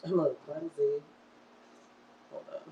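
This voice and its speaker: A woman's voice: low-pitched, little pitch movement, slow pace, echoey room, distant mic, dull audio. Heated fifties woman streamer, swears, repeats herself, sits away from the mic with faint hiss. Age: 50s. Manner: angry, repetitive, swearing. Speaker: online show host. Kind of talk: emotional livestream rant.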